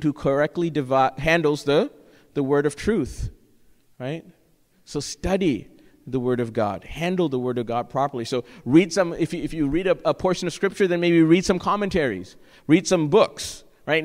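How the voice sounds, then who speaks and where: A man preaching a sermon as pastor, earnest and exhorting, often checking in with the congregation with "right?". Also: fairly high pitch. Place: church sanctuary. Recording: long church-hall reverb.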